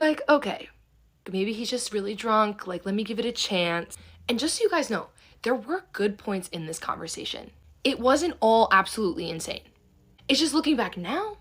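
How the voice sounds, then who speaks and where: A woman's voice: mid-range voice, a bit bright. A young adult woman telling a dating story in a casual, profane, sarcastic way, acting out both sides. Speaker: storyteller host.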